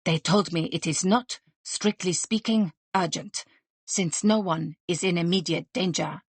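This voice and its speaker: Una mujer haciendo de un gerente de restaurante ceremonioso. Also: female voice, on the low side, breathy edge, dry recording. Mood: grave. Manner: formal, decorous, measured speech. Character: willowy, courtly male restaurant manager, formal.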